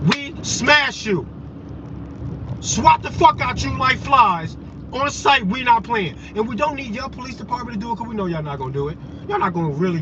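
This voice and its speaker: A man delivering a heated, profane, confrontational rant straight to his viewers. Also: high-pitched. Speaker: vlogger. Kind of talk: ranting monologue to viewers. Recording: dull lo-fi audio with loud road noise.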